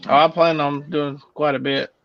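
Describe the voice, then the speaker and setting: A man hosting a casual car live stream, easygoing and quick to laugh, heard over call audio. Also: fairly high pitch, little pitch movement, vocal fry, dry recording. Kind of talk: casual chat. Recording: dull dry call audio.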